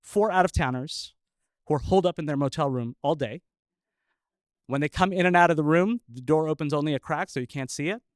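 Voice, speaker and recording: A man who is a scientist telling a personal story live, chuckling often and pausing with filler uhs. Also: fairly high pitch, no room sound.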